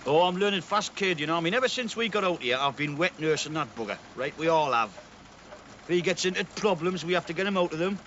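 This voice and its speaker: A man's voice: a little high, expressive, fast, fairly bright tone. A man playing a weary, grumbling bricklayer who has run out of patience, in a 1980s TV comedy-drama. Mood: fed up. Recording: dull lo-fi TV sound with faint hiss.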